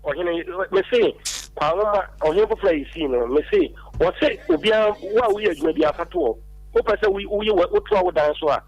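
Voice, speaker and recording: Pleading ghanaian caller on a dull line. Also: male voice, high-pitched, lively intonation, brisk, darkish tone. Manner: pleading, earnest. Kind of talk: phone-in complaint. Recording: dull phone line with faint music.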